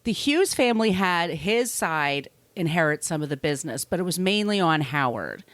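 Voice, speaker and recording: A middle-aged woman with a somewhat low voice tells a story on a podcast, casual and salty. She stops and restarts her sentences as she goes. The sound is dry and close, with no room around it. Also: very animated, normal speed, dry recording. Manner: chatty, profane, restarts mid-sentence. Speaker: podcast co-host telling the story.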